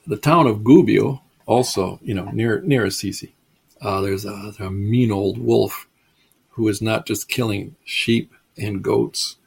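A man's voice: lowish voice, unhurried, gravelly, breathy edge. A man giving a storytelling lecture, chatty and digressive, chuckling at his own stories. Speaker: lecturer on mysticism.

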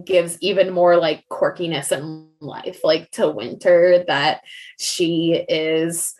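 A woman's voice: on the low side, fairly even intonation, slow pace, a little mellow, faint music behind, poor audio. A woman co-hosting a podcast, chatting casually about a book and rambling with lots of "like" fillers. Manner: rambling, heavy use of "like" fillers. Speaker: podcast co-host. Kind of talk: casual book discussion chat.

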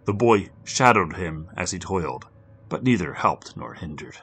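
A man narrating a grim story for a podcast, swinging between loud urgency and hushed, near-whispered passages. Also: deep voice, lively intonation, normal speed, a little hiss or hum.

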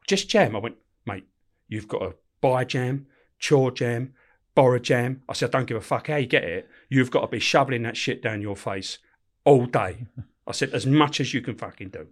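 A man's voice: medium pitch, normal speed. A middle-aged man, a former prison officer telling prison stories in casual chat, swearing freely and acting out the dialogue. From England. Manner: swears constantly, animated, laughs while telling. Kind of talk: casual storytelling with acted-out dialogue.

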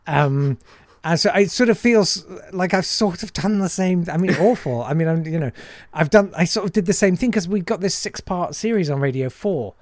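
A man's voice: high-pitched, expressive, normal speed, few pauses, no echo, studio quality. A man, a comedian and impressionist, chatting casually and self-deprecatingly in an interview.

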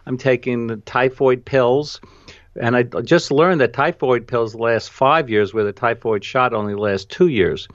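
Over a video call, a man with a New York accent, a podcast host and photographer, keeps the conversation casual, laughing readily and leaning on "you know" fillers. He speaks at a measured pace with medium pitch; the audio is lo-fi with no room sound.

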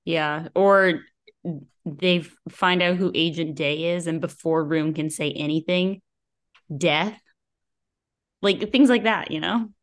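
A woman co-hosting a podcast, chatting casually about a book, joking and laughing a lot with deadpan asides. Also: lowish voice, takes it slowly, pauses often. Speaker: podcast co-host. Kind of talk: casual book review chat.

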